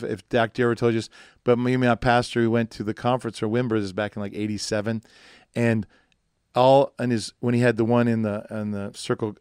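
A man's voice: medium pitch, clear, resonant tone, no echo, clean studio sound. A pastor talking in a rambling, joking way on a conversation podcast, acting out the people he quotes. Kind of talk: casual conversation. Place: studio.

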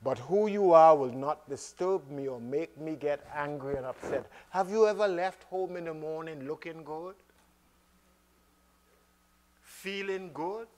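A man preaching a sermon to a congregation, swinging between loud exhortation and soft, slow asides, and calling out to the room. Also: fairly high pitch. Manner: calls out to the congregation. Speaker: minister.

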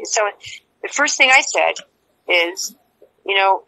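A woman's voice: medium pitch, animated, normal speed, pushed and bright, rough recording. A woman interview guest giving an emotional personal account, rambling and repeating herself as she acts out quoted dialogue.

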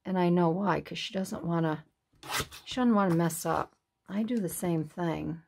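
A woman's voice: on the low side, moderate pace, creaky, noisy background. A middle-aged woman hosting a craft video, chatting casually in a rambling, folksy way while she works in her craft room.

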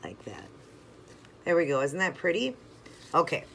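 A nail art channel host talking viewers through each step of a toe design while working, chatty and relaxed, sometimes drifting away from the mic. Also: mid-range voice, moderate pace, vocal fry, slight background noise. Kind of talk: step-by-step craft tutorial.

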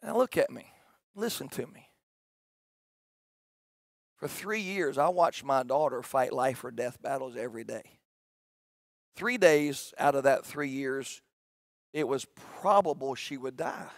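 A middle-aged man, a pastor preaching a sermon that swings between shouted emphasis and quiet storytelling. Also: medium pitch, lively intonation, unhurried, pauses often, no echo, studio quality.

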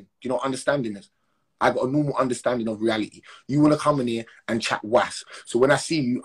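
On an Instagram live stream from his phone, a man rants in a heated, confrontational way, using slang and repeating his call-outs. His voice is medium-pitched with a breathy edge.

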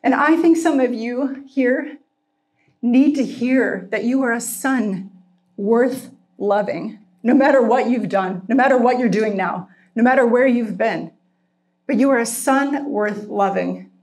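A middle-aged woman giving a heartfelt sermon with personal testimony, earnest and emotional, slowing down for emphasis and at times tearful. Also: fairly high pitch, darkish tone. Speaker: speaker at a Christian retreat.

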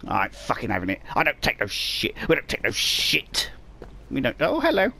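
A man giving profane, excitable commentary while playing a video game, muttering to himself. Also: mid-range voice, moderate pace, gravelly. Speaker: gamer. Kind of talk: profane let's play commentary.

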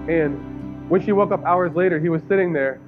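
A young man in his twenties preaching a sermon, telling a story earnestly, often restarting his sentences. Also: fairly high pitch. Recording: tinny phone-like audio, faint guitar music.

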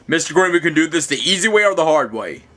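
A man playing a calm bill collector. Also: fairly high pitch, quick pace, a little hiss or hum. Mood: calm formal. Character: male bill collector, calm then threatening. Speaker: prank caller.

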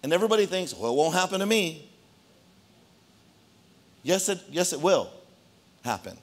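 A man preaching a sermon to his congregation as pastor, telling a story in an animated way and speaking straight to the room. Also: high voice, normal speed. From Arizona, United States. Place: church hall.

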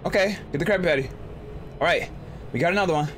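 A man's voice: fast, a little hiss or hum. A young man commenting on a horror game he is playing, joking and squealing when startled. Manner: jokey, jumps into high squeals when startled. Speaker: gaming YouTuber. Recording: music bed under voice.

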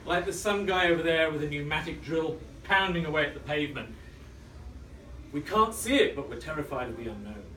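A man in his thirties delivers a dramatic storytelling speech in a function room. His voice sits a little high for a man and swings widely in pitch. It sounds roomy and distant, with a faint ambient hum behind it. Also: animated, fairly quick. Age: 30s. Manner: dramatic, drops to a hush for tension. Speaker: club speaker.

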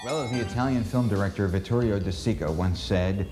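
A man's voice: fairly low pitch, brisk, hardly any pauses, over loud music. A man hosting and introducing films with rambling, self-deprecating jokes. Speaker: host. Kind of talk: casual introduction.

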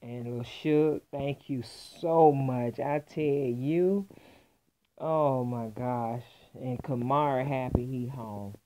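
A woman's voice: rumbling low, slow, dark tone, a little hiss or hum. A woman vlogger telling a heartfelt, gushing story in a casual chat, close to tears. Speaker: doll collector vlogger. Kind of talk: casual vlog reveal.

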